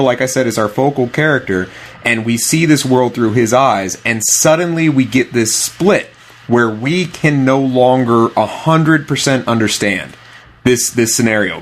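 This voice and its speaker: A man co-hosting a podcast, explaining his view of a film with earnest emphasis in casual talk. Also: mid-range voice. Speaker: podcast co-host.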